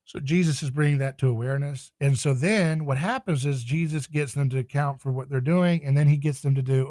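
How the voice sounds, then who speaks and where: A man's voice: mid-range voice, brisk, hardly any pauses, mellow, dry recording. A man speaking as a podcast guest in a passionate, emphatic, preaching tone. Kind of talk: podcast interview.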